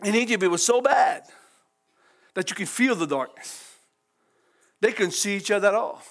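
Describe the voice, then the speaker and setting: High-voiced Cajun preacher man. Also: lively intonation, normal speed. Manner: folksy, exclaims praise God and hallelujah often; chuckles often between lines. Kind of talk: sermon.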